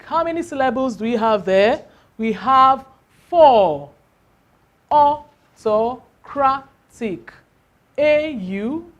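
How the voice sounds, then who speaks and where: A woman teaching a lesson, asking questions and answering them herself, stretching out example words. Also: fairly high pitch. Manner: slow, drawn-out emphasis on example words. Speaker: English teacher. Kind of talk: classroom lesson.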